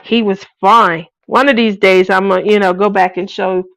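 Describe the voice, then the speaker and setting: A woman's voice: medium pitch, fairly even intonation, normal speed, creaky, a bit bright, dry recording. A woman, hosting a craft live stream in casual chat, playful and laughing often as she reads out comments. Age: 40s. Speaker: craft channel host.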